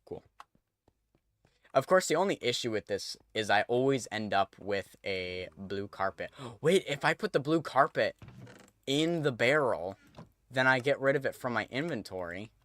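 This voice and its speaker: A man's voice: mid-range voice, lively intonation, moderate pace, a bit bright. A man streaming a game, chatting casually to viewers as he thinks aloud and corrects himself. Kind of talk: casual gameplay commentary.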